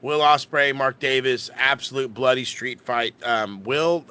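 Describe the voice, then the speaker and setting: A man's voice: mid-range voice, normal speed, hardly any pauses, pushed and bright. A young man co-hosting a wrestling podcast, ranting and swearing a lot and often restarting his sentences. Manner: ranting, profane, lots of restarts. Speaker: podcast co-host. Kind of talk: casual wrestling chat.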